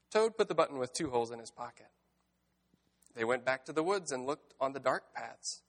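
A man giving a sermon in a reflective, unhurried voice. He reads aloud from a storybook and then draws lessons from it, slipping in gentle wordplay along the way. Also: medium pitch, lively intonation. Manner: reflective, gently wry, with word-play asides. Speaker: pastor.

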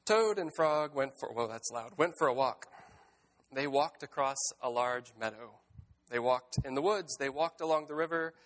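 A man preaching a sermon, reading a children's story aloud and then reflecting on it in a gentle, wry way. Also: mid-range voice, normal speed. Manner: reflective, gently wry, with word-play asides. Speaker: pastor.

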